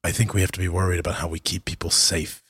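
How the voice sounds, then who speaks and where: A man's voice: sits low, level tone, fast talker, fairly bright tone, breathy edge, dry recording, clean studio sound, heavily acted. A man voicing a determined envoy bent on keeping the peace in a tabletop game, earnest and insistent.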